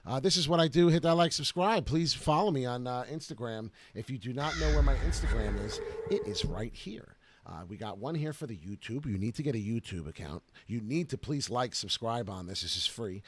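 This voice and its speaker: A man hosting a casual crypto live stream, excited and rambling with lots of filler "uh"s, talking into a close desk mic at home. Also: medium pitch, fairly quick, few pauses, slightly rough, no echo. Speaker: crypto video host.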